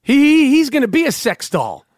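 Guy with a really high voice going off, swearing a lot, sounds incredulous, super dry close sound. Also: wildly swooping pitch, normal speed, no room sound. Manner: profane, incredulous ranting. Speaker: podcast co-host. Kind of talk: casual comedic rant.

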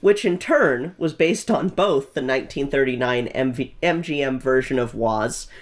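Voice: medium pitch, expressive, normal speed. A podcast host in casual chat, enthusiastic, laughing often and swearing.

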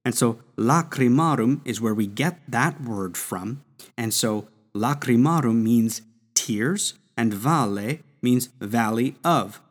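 A man's voice: mid-range voice, takes it slowly. A man teaching the words of a Latin prayer in a patient, explanatory way, repeating and sounding out each word. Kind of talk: slow explanatory lesson.

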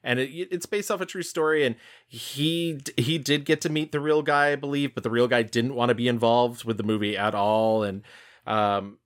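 A man's voice: medium pitch, steady tone, normal speed. A man co-hosting a film podcast, chatting casually, laughing often and swearing now and then. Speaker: podcast co-host.

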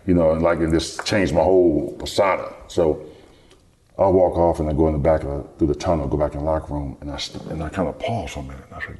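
Middle-aged man, very low and mellow voice, relaxed anecdotal interview guest. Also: fast. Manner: relaxed, rambling storyteller who acts out quoted dialogue. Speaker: guest, former basketball player. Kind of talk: storytelling in an interview.

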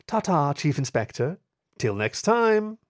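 A man voicing a sly, aristocratic female husky thief with a smooth, teasing voice. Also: a little high, sing-song, no room sound, voice pushed up. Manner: teasing, unhurried.

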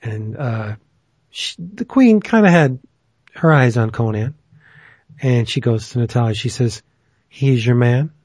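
A man's voice: mid-range voice, a little slow, long pauses, darkish tone, slightly rough, dry recording. A man hosting a casual chat who rambles enthusiastically, with plenty of fillers. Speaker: podcast host.

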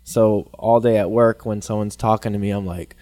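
Hoarse laid-back man, low voice. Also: normal speed, dry recording. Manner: laid back, near monotone. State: losing his voice, throat clogged. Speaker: podcast co-host. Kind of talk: casual chat.

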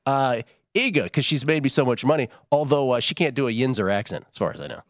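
A man's voice: mid-range voice, animated, fast talker, dry recording, studio quality. A man hosting a sports betting show, chatting casually with rambling asides.

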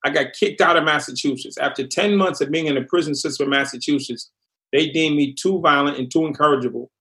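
Animated middle-aged male storyteller. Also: on the high side, fast. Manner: animated storyteller, acts out quotes. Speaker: podcast guest. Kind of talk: storytelling interview.

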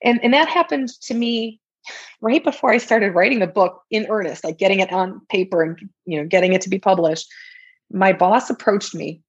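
Woman guest, husky chatty delivery, lo-fi dull podcast sound. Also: mid-range voice, moderate pace. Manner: chatty, laughs often, frequent restarts. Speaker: guest author and coach. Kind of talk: casual podcast interview.

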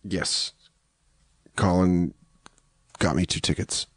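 A man guesting as a comedian, telling relaxed stories about his life with quoted asides. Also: deep voice, takes it slowly, breathy edge, no room sound, studio quality. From New York. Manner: laid-back storytelling with quoted asides. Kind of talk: casual chat.

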